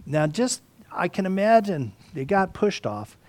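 Animated man teaching a Bible study. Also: high-pitched, unhurried, no room sound. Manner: animated, swings from loud emphasis to hushed tones; frequent restarts and throat clearing.

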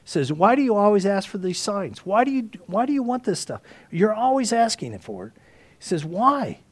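A man teaching a Bible study, swinging between loud emphasis and hushed asides, with frequent restarts and throat clearing. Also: high-pitched, sing-song, moderate pace, dry recording.

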